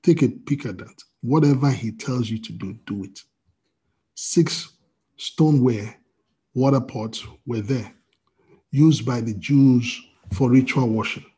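A man preaching a sermon as pastor, telling a personal story with acted-out dialogue and swings from loud to quiet. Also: mid-range voice, breathy edge. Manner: storytelling with quoted dialogue, wide swings in loudness. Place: church service via video call.

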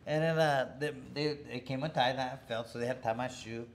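A middle-aged former boxer tells a boxing story in a casual interview, rambling, restarting often and chuckling as he goes. His voice is mid-range with fairly even intonation and a brisk pace, and there's a little hiss or hum on the recording.

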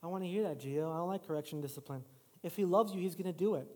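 High-voiced pastor preaching in a reverberant hall. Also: male voice, rapid-fire, dark tone, slightly rough. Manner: casual, self-deprecating storytelling with rising preaching emphasis. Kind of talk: sermon. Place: church sanctuary.

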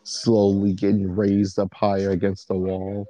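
A man's voice: low voice, completely flat delivery, measured pace, mellow, no room sound. A man narrating an improvised role-play scene in a casual, laid-back way among friends.

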